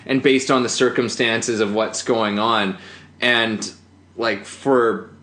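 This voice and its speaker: A man's voice: fairly low pitch, fairly even intonation, slow, fairly bright tone. Rambling man in an echoey room. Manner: rambling, many fillers and restarts, laughs often. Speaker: actor. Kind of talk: casual conversation, storytelling. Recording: roomy echo.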